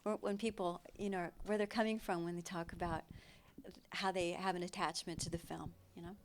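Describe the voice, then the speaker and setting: A woman's voice: on the low side, level tone, a little fast, slight background noise. A woman speaking as an actress on a film panel, bubbly and effusive, laughing often. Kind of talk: casual onstage panel chat. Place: film center stage before an audience.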